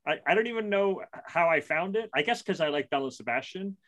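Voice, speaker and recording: A man's voice: on the high side, expressive, quick pace, a bit bright. A middle-aged man chatting casually as a podcast co-host, rambling through a story with plenty of restarts and self-deprecating asides. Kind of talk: casual chat.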